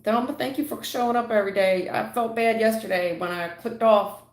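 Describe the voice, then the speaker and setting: A tarot reader with a slightly high voice talks fairly quickly, giving blunt live readings to viewers in an echoey room. She calls them honey and sweetheart, lecturing them and keeping it real.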